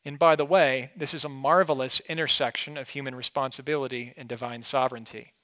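A pastor preaching an expository sermon in a conversational way, asking his listeners questions and swinging between emphatic and quiet. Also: medium pitch, fairly even intonation, a little fast.

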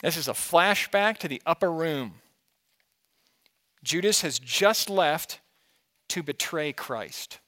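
A pastor preaching an expository sermon in a conversational way, asking his listeners questions and swinging between emphatic and quiet. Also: a little high, expressive, takes it slowly, long pauses.

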